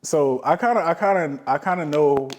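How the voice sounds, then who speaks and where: A man hosting a podcast, chatting in a relaxed, slangy way and asking casual questions. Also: fairly high pitch, moderate pace, dull audio. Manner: relaxed, slangy, lots of short backchannel replies. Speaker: podcast host. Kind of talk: casual interview chat.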